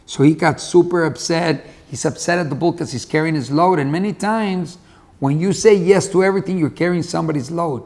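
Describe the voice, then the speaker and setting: Gravelly-voiced motivational storyteller man. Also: on the high side, fairly quick, darkish tone. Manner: folksy, conversational, repeats points. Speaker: motivational speaker.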